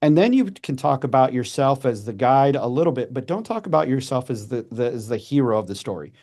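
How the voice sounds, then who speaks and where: Mellow-voiced man in his forties. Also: medium pitch. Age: 40s. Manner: animated, with quick restarts and acted-out asides. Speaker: podcast guest, messaging coach. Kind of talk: casual conversational advice.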